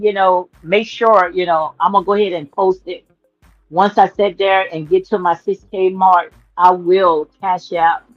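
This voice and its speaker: A woman's voice: lowish voice, dry recording, highs cut off. A woman hosting a casual livestream on her phone, talking in a sassy, emphatic way, repeating her points and calling listeners "honey.". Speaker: livestream commentary host.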